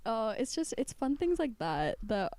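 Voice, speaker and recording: Podcast co-host, woman, 20s; warm, relaxed tone, giggly and rambling. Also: sits high, no echo. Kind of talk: casual chat.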